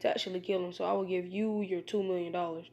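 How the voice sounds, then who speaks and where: A woman voicing a calm protective young ninja. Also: lowish voice, fast talker, highs cut off, natural voice. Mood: earnest. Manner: plain, steady, hesitant with fillers.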